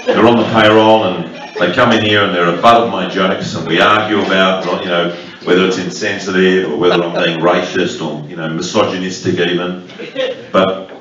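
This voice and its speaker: A man's voice: low-pitched, steady tone, moderate pace, a crowd in the background. A man doing crude, provocative stand-up comedy, teasing the audience in a large club room. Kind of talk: live stand-up with crowd work. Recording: echoey club, distant mic, muffled, noisy.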